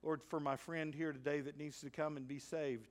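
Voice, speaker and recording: Animated preaching pastor. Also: male voice, on the high side, normal speed. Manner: animated storytelling with sudden shouted emphases. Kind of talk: sermon. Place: church sanctuary.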